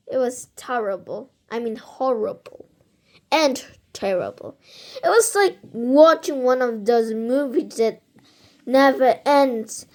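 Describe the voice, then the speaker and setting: A high-voiced woman reads a children's book aloud. She goes slowly, halting now and then to fix a slip or restart a word. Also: lively intonation, a little mellow. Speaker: reader.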